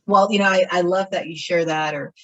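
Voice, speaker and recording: A woman's voice: on the low side, steady tone, fairly quick, fairly bright tone, lo-fi sound, a little hiss or hum. A woman hosting an interview over a video call, encouraging and reflective, with frequent short affirmations. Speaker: interview host. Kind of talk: supportive interview chat.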